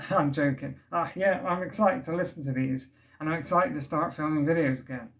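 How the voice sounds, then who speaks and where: Faint construction noise drifts in from street works outside while a man unboxes vinyl at home for his casual vlog. He talks at a normal speed in a fairly high voice, eager and chatty, frequently breaking off and restarting.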